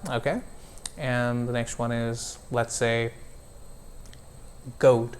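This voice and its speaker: A male pronunciation coach speaks at a slow, unhurried pace. He draws out each vowel sound as he models words for a student. His pitch sits in a plain middle range. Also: little pitch movement, slight background noise. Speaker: accent coach. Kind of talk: one-on-one pronunciation lesson.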